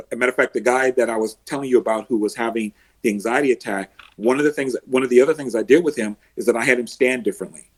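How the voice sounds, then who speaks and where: A man talks as an emotional success coach on a podcast, explaining his methods through stories. His voice is slightly husky and sits at an ordinary pitch. He acts out the people he coaches and the bold voices he teaches them to use. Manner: animated storyteller, acts out quotes and heroic laughs.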